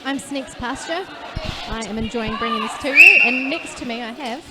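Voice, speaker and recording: A woman's voice: on the high side, moderate pace. A woman with a New Zealand accent announcing roller derby, chatty and playful. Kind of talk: live sports commentary. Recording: loud crowd and noise behind.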